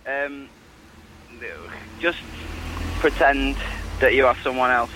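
A man's voice: medium pitch, fairly even intonation, takes it slowly, noisy background. A man calling in to a radio show, an amateur stage actor giving short, hesitant answers. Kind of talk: phone-in chat.

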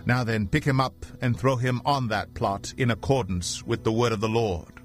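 A man's voice: mid-range voice, normal speed, soft background music, close to an everyday voice. A man reading the part of a bold, commanding army commander who speaks bluntly.

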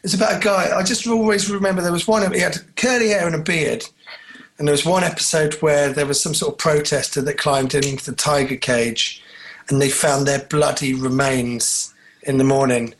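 Chatty man with a slightly high voice. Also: normal speed. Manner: rambling, animated storyteller. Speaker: podcast co-host. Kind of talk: casual chat.

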